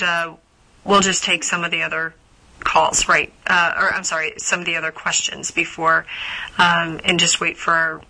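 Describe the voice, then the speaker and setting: A woman with a very bright, forward voice hosts a live coaching call for members. She talks in a loose, chatty way, full of "uh" and "um" and restarts as she works through listener questions. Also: on the low side, poor audio. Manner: chatty, many fillers and restarts.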